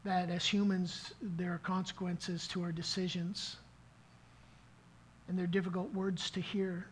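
A man's voice: high voice, level tone, measured pace, slight background noise, low-quality recording. A middle-aged man preaching a sermon as pastor, telling a story in an earnest way, with frequent restarts. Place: church service.

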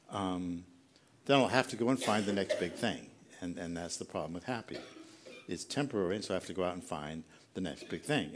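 Middle-aged male pastor, sermon delivery, chatty and self-deprecating, slightly low voice. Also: slight background noise. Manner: conversational and self-deprecating, often asks the congregation questions.

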